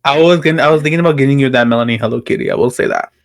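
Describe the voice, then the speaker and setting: Young man podcast co-host, mid-pitched voice, playful teasing banter. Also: racing. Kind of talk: casual chat.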